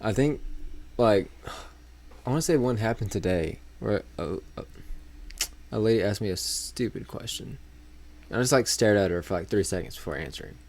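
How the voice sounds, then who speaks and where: A man's voice: on the low side, lively intonation, moderate pace, a little mellow. A young man co-hosting a podcast, chatting casually with a dry, sarcastic manner and frequent laughs. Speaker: podcast co-host. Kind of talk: casual chat.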